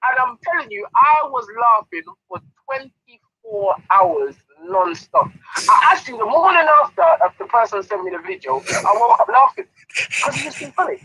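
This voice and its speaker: A man, a boxing trainer chatting in an interview, animated and often laughing as he tells a story. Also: very high voice, normal speed, husky, rough recording. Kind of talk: casual interview chat.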